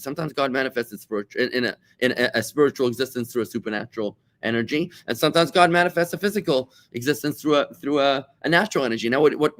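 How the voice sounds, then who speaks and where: A middle-aged rabbi from South Africa teaching a Torah class, animated and repeating words as he searches for them. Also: fairly high pitch. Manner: animated, repeats words while searching, acts out quoted voices.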